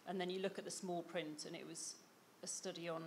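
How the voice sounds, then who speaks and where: A woman speaking quietly as a panelist, a little away from the mic. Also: fairly low pitch, fairly even intonation, a little fast, a little hiss or hum. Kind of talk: panel discussion.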